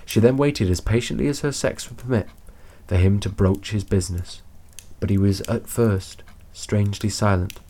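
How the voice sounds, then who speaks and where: A man reading a classic story aloud as narrator, measured and unhurried. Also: fairly low pitch, mellow.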